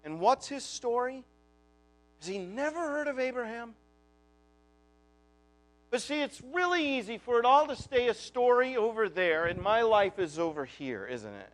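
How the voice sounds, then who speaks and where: A man's voice: very high voice, animated, normal speed, pauses often. A male preacher giving a conversational sermon full of rhetorical questions. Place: church.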